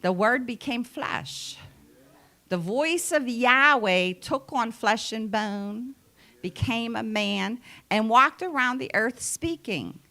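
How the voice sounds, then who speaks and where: Slow, bright-voiced woman preaching. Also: on the high side, lively intonation. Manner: earnest, emphatic, repeats key phrases. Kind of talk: conversational sermon.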